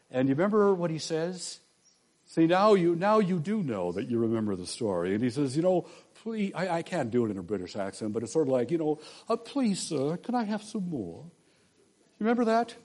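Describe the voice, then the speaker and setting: A pastor giving a conversational sermon, often asking the congregation questions. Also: male voice, medium pitch, warm tone.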